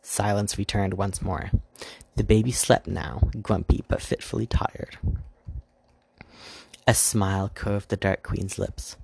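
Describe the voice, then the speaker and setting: A man reads a fairy tale aloud with a low, gravelly voice and a husky edge. The sound is dry and close, and he reads casually, adding his own asides. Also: fairly even intonation, slow, pauses often, darkish tone, dry recording. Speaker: reader. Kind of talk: storybook reading.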